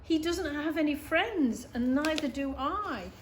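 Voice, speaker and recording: A woman with a British accent voicing an eager, friendly young male beaver in a children's storybook, with a bright, earnest voice. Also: sits high, lively intonation, a little slow, slight background noise, voice pushed up.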